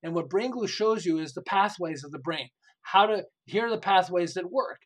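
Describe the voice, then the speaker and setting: Older male author guest, high-pitched, animated storyteller, chuckles through anecdotes. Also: normal speed, poor audio. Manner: animated, laughs often, acts out quotes. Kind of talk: enthusiastic storytelling interview.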